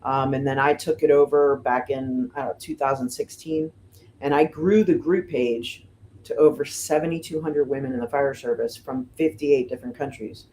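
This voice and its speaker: A middle-aged woman from the United States, a fire lieutenant, telling stories casually in an interview, with lots of "you know" and "um" and lively voices for the people she quotes. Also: rumbling low, moderate pace, a little hiss or hum. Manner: chatty, fills with "you know" and "um", animated retelling of quotes. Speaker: firefighter lieutenant and guest.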